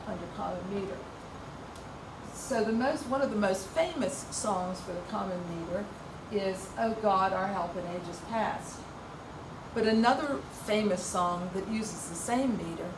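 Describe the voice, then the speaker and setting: A woman's voice: medium pitch, reverberant, recorded from a distance, background noise. A woman teaching a music workshop, explaining patiently with some ums and restarts. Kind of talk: informal music lesson.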